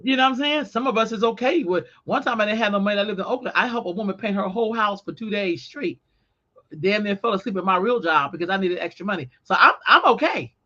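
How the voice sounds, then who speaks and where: A woman's voice: medium pitch, fast, sharp tone, highs cut off. A woman co-hosting a podcast in casual chat, talking bluntly and emphatically with plenty of profanity. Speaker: podcast co-host.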